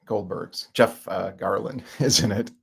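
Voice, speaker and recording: A man's voice: fairly low pitch, unhurried. A middle-aged man giving a rambling self-help talk, full of fillers and frequent chuckles. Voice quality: gravelly, husky.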